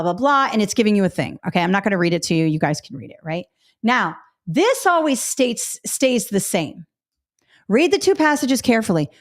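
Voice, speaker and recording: Woman from the northeast running a test prep webinar, blunt and direct, chatty asides to the chat, middle pitch. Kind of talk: live webinar teaching.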